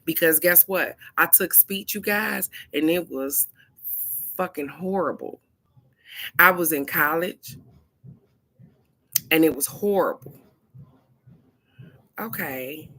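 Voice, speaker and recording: Low-voiced, forceful woman chatting. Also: takes it slowly, long pauses. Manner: animated storytelling, addresses viewers directly; frank, swears casually. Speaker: host of a card-of-the-day talk. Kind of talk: casual chat.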